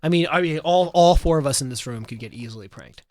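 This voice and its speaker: A man speaking as a panel guest, halting and apologetic with many restarts. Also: fairly high pitch, a little mellow, no echo, clean studio sound. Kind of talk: panel chat.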